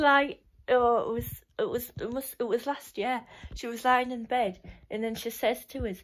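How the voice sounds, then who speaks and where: A woman's voice: on the high side, unhurried. A young woman reminiscing in a casual, rambling way, full of "like" and restarts, often laughing.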